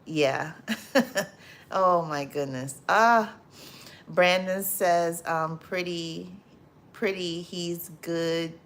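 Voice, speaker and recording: Hosting a relaxed livestream, a woman greets viewers by name, reads their comments aloud, laughs loudly and often, and repeats her phrases. Her voice sits on the low side, and she speaks very slowly with long pauses.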